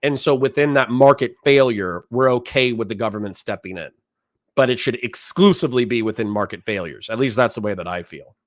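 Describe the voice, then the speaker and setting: A man's voice: mid-range voice, brisk, no room sound, studio quality. A man hosting a livestream, commenting on a debate clip, reading chat and ranting with heavy swearing. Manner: profane, ranting, talks over clips. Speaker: livestream host.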